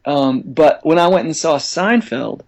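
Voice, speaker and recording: A man being interviewed as a songwriter guest, talking in a relaxed, chatty way and laughing easily. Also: on the high side, unhurried, creaky, lo-fi sound. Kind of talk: casual interview chat.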